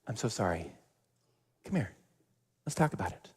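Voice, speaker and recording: A preacher voicing a gentle grandmother comforting a boy, speaking very softly. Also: fairly low pitch, sing-song, normal speed, husky, heavily acted. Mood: soothing. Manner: very soft, hushed, soothing. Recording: long church reverb.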